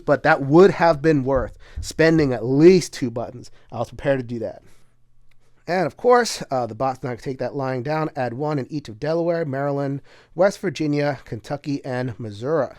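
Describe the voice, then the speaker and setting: A man's voice: medium pitch, moderate pace, a little mellow, no room sound. Guy narrating a solo board game, lots of uhs, close dry mic, mid voice. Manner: chatty, many "uh" fillers, bursts of laughter. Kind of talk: casual solo playthrough commentary.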